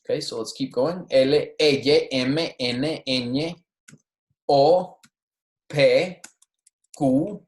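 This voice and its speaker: In a recorded lecture, a Spanish instructor patiently and slowly models pronunciation, correcting himself as he goes. His mid-range voice has a darkish tone, and the room is echoey.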